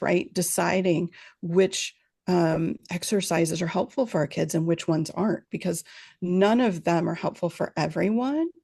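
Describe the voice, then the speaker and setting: A woman answering interview questions as a parenting expert on a video call, explaining calmly and often checking in with a quick "right?". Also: on the low side, vocal fry, husky. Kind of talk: interview answers at a virtual summit.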